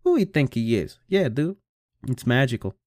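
Young male podcaster, casual and profane, self-mocking, mid-pitched, dry home-mic recording. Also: big pitch swings, normal speed, darkish tone, dry recording. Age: young adult. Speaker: podcast host. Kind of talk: casual solo podcast rambling. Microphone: home computer microphone.

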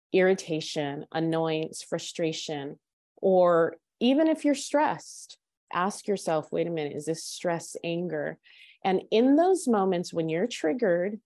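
Woman, podcast guest, coach, earnest, gentle, low-ish voice, dry close mic. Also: dry recording. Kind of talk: podcast interview.

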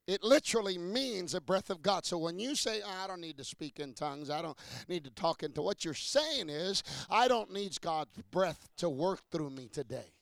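High gravelly preacher guy, dry sound, asks the crowd questions, builds up to shouting. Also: expressive, normal speed, no echo. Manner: building from low talk to shouting peaks; calls and questions to the congregation. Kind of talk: sermon.

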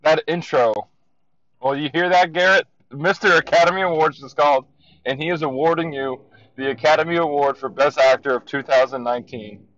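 Excitable man rambling to a friend. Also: on the high side, brisk, highs cut off. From Florida. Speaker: podcast co-host. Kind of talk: casual voice-memo chat while driving. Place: in a car in traffic.

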